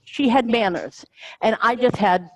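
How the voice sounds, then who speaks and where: A woman's voice: a little high, unhurried, dry recording, poor audio. A middle-aged American woman comedian telling stories in a casual interview, rambling and self-interrupting, laughing often. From United States. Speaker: comedian guest.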